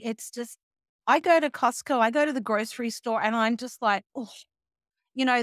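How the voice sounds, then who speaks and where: Animated high-voiced woman guest. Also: no echo, studio quality. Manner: animated, acts out quoted voices, sarcastic asides. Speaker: guest, health and wellness coach. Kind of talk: casual interview chat.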